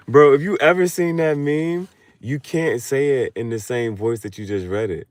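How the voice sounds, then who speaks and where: A man in a casual late-night monologue who talks animatedly and laughs often, moving between low mutters and loud outbursts. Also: measured pace, dry recording. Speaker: vlogger.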